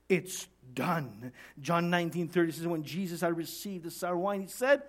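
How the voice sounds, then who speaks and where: A male pastor preaching a sermon dramatically, swinging from shouts down to hushed tones. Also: high voice, animated, measured pace.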